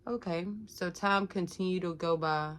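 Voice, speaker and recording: A woman's voice: lowish voice, steady tone, moderate pace, slight background noise. A young woman candidly telling her own life story to her viewers, talking casually with lots of filler words and calling out to them directly. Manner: casual, addresses viewers as "y'all", many "like" fillers.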